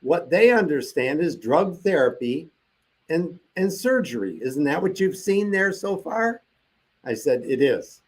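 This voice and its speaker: An older man with a slightly high voice tells a story as an interview guest. He talks casually and animatedly, and he acts out the dialogue he quotes. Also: very animated, measured pace, breathy edge.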